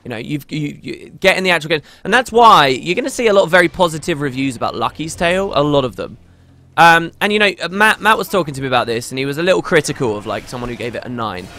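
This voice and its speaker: A talkative man rambles through a casual gaming stream, often breaking off and restarting his sentences. His voice sits a little high and swings up and down a lot. The tone is bright and forward. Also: lively intonation, quick pace. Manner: rambling, talkative, self-interrupting.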